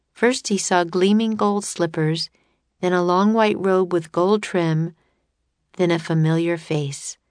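A woman reads a children's chapter book aloud with a calm, even manner and a lowish voice. She takes her time, and the sound is dry and close with no room echo. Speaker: narrator.

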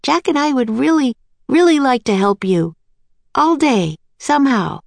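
A woman reading aloud, voicing an eager, excited little girl in a storybook. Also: high voice, unhurried, creaky, dry recording, voice pushed up, exaggerated voice.

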